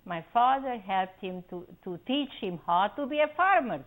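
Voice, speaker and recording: A woman's voice: medium pitch, moderate pace, hardly any pauses, rough recording. Older woman recalling her past. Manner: animated storytelling, acting out quoted voices. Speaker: interviewee. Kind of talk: oral history recollection.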